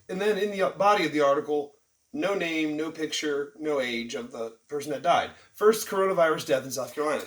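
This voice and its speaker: Sarcastic man ranting, roomy sound. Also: mid-range voice. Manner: mocking, irritated, jokey asides. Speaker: vlogger. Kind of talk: sarcastic news commentary rant. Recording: roomy, distant from the mic.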